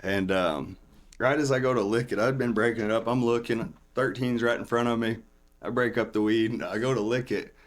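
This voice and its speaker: A man's voice: medium pitch, steady tone, brisk. A man telling a long story in casual talk, rambling and raising his voice when he acts out what others said. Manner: rambling, acts out other people's lines in a raised voice. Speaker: podcast guest.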